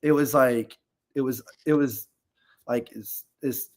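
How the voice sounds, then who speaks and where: A man's voice: medium pitch, fairly even intonation, slow. Rambling man telling a story. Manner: rambling, filler-heavy, candid. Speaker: podcast guest. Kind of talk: casual storytelling.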